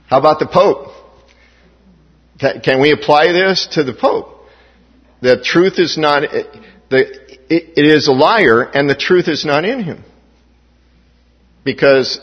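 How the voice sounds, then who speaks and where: A pastor delivers a sermon in a medium-pitched, slightly rough voice, hitting emphatic rising stresses and restarting often. The hall recording sounds dull and echoey.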